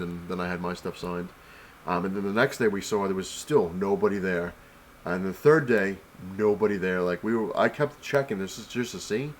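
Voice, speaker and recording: A young man with a deep, low voice talks casually at home, rambling through his story with lots of "um" and "I was like." A faint hum of room ambience sits underneath. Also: poor audio. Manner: rambling storyteller, many fillers and "I was like" quotes. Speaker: comic collector vlogger. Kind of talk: casual convention haul recap.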